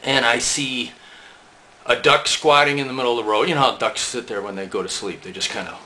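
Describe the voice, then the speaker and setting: Bright-voiced man telling a rambling story. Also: medium pitch, fairly quick. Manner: rambling, profane, chuckling. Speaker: storyteller recalling band days. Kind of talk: casual anecdote telling.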